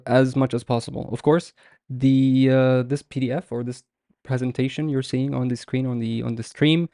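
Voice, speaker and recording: A man with a gravelly, mellow voice teaches a live online class. He explains patiently and step by step, pausing often. The sound is dry and close. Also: mid-range voice, dry recording. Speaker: Arabic teacher.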